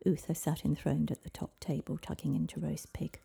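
A woman narrating a storybook in a soft, hushed voice that often drops to a whisper. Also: deep voice, level tone, fairly quick, gravelly, slightly rough. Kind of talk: storybook reading.

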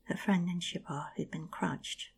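A woman telling an old myth aloud in a hushed, half-whispered narration with a husky, gravelly voice. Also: on the low side, steady tone, measured pace. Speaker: storyteller. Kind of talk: oral storytelling of a myth.

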